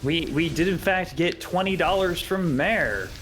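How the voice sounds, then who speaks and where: A man's voice: high voice, measured pace, a bit bright, soft background music. A man co-commentating a charity stream, teasing his co-hosts and reading out donations. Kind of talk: casual banter.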